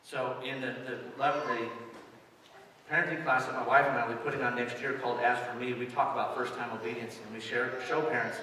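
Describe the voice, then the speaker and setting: A man's voice: medium pitch, little pitch movement, a little fast, pushed and bright. A middle-aged man preaching a sermon as pastor, speaking conversationally and turning to address the children directly. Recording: distant mic, echoey church hall, faint hiss.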